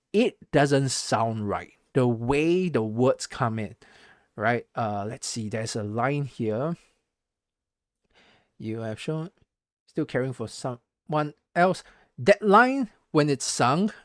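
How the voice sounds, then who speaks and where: Male streamer, Southeast Asian English shifting toward American, rambling, hums beats, mid pitch, dry close sound. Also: no echo. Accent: Southeast Asian English, switching to a more American-sounding accent. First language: not English. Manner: rambling, self-correcting, hums beats aloud. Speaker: live streamer. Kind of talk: casual live stream commentary.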